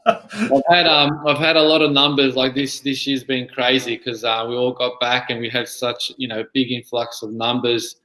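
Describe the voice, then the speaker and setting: Aussie guy mid 30s, relaxed and rambling, roomy echo on the mic. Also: mid-range voice, normal speed. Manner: relaxed, lots of "you know" fillers. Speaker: guest. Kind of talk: casual interview.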